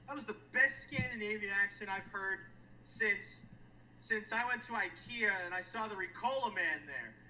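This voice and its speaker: A man's voice: high-pitched, bright, forceful tone, distant mic, a little hiss or hum, low-quality recording. A man hosting a handicapping show, calling a harness race replay and then joking around in casual chat. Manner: joking, self-mocking, quick asides.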